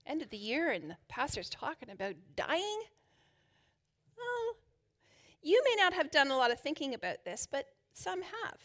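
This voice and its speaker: Woman pastor, sermon, high voice, chatty and playful. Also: a bit bright. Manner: chatty and playful, laughing easily.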